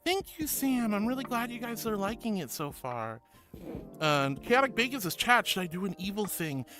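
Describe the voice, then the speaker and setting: A woman's voice: medium pitch, very animated, normal speed, a bit bright. A woman streaming and reading her chat aloud, bubbly and sweet, calling viewers sweetie. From Florida. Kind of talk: casual chat. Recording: music playing behind.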